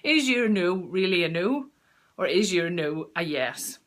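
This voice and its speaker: A woman's voice: on the low side, big pitch swings, unhurried, fairly bright tone. A woman giving a live-streamed mindfulness talk, chatty and direct with viewers, often restarting her phrases. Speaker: mindfulness coach presenting a weekly talk.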